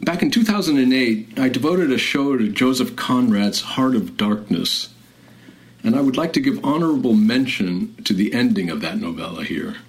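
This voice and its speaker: A radio host reading and discussing literature in a measured, reflective way, slowing and softening for quoted passages. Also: male voice, mid-range voice, lively intonation, poor audio. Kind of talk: literary commentary and reading aloud.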